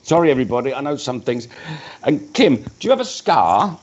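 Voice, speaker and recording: A man's voice: medium pitch, big pitch swings, fairly quick, dull audio. A man, working as a spiritualist medium at a live church service, talking in a chatty way and breaking off mid-sentence to address spirits. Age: 50s.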